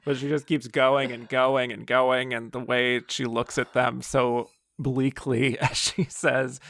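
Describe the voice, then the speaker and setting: A man's voice: mid-range voice, flat delivery, takes it slowly, gravelly, hardly any pauses, fairly bright tone, no echo, studio quality. A man hosting a podcast, chatting casually about films with loose phrasing and lots of fillers. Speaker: podcast host. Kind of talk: casual film discussion.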